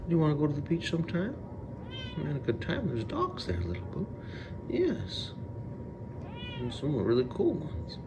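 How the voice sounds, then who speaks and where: A man's voice: on the high side, wildly swooping pitch, moderate pace, pauses often, very noisy. A man talking to his cat at home in a doting baby-talk voice. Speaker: pet vlogger. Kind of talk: casual talk to a pet cat.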